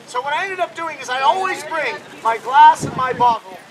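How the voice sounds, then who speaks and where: Male comic magician, high voice, bantering live outdoors over a noisy crowd. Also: lively intonation, normal speed. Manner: joking, banters with the audience. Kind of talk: live stand-up magic act. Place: outdoor fair stage. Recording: loud crowd around an outdoor show.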